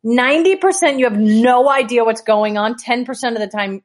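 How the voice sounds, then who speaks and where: A woman's voice: a little high, moderate pace. A woman guest on a podcast, chatting casually and often using "like.". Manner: chatty, lots of "like", laughs. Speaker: guest, pro soccer player.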